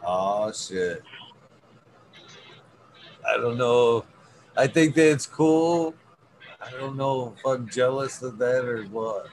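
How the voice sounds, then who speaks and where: A middle-aged man in loose, casual podcast chat, laid-back and laughing often, with plenty of swearing. His voice sits at an ordinary middle pitch. A steady noise hangs in the room behind him. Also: slow pace, pauses often. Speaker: podcast co-host. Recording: noisy room ambience.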